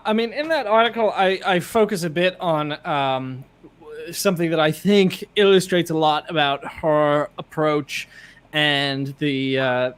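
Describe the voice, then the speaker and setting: Higher-voiced man explaining carefully. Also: a bit bright, smooth. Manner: measured, explanatory, with hesitations. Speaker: podcast guest, writer. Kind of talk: casual political discussion.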